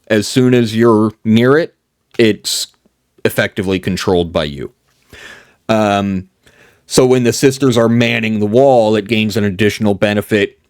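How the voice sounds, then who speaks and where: Low-voiced man musing over game rules. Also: a little mellow, dry recording, studio quality. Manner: thinks aloud, loose and conversational. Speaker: host. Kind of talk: casual explainer of tabletop game house rules.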